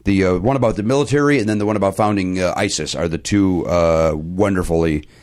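A man's voice: deep voice, quick pace, a little mellow. A man co-hosting a comedy podcast, rambling through mock-serious jokes. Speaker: podcast co-host.

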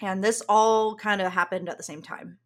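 A woman's voice: mid-range voice, fairly even intonation, moderate pace. A woman co-hosting a podcast, explaining things in casual chat and laughing often. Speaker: podcast co-host.

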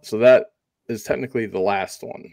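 Older male co-host, gravelly and folksy, rambles warmly through memories. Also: fairly low pitch, normal speed, dry recording. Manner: folksy, chatty, wanders while recalling. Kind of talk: casual chat.

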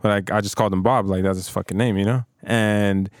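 A man's voice: lowish voice, fairly even intonation, a little fast, no room sound, studio quality. A man co-hosting a podcast, telling a story in a laid-back, profane way. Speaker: podcast co-host. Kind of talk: casual storytelling.

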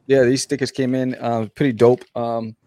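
A man's voice: mid-range voice, level tone, moderate pace, dark tone, dry recording. A man co-hosting a casual chat, laid-back with slang and lots of fillers. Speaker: podcast co-host, comic artist.

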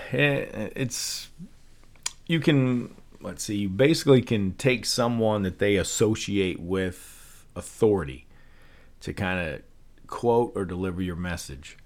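A man hosting a podcast, explaining ideas in a casual, loose way with lots of fillers and restarts. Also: on the low side. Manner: relaxed, loose delivery full of fillers and restarts. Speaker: podcast host.

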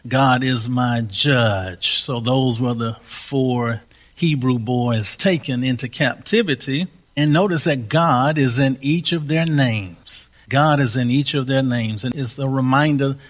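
Slow, emphatic preaching man. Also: medium pitch, a bit bright. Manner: emphatic preacher, repeats key phrases, laughs, leads the congregation in declarations. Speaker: pastor. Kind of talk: sermon.

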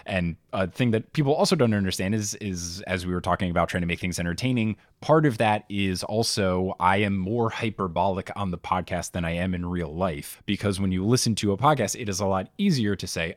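A man's voice: lowish voice, brisk, few pauses, dry recording, clean studio sound. A man on a podcast, talking casually and animatedly with plenty of fillers and exaggeration. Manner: animated, hyperbolic, many "like" fillers. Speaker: podcast guest.

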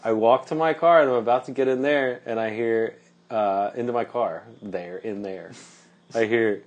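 A man's voice: medium pitch, normal speed, dull audio. Rambling man telling a story. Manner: rambling, filler-heavy, laughs often. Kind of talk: casual storytelling.

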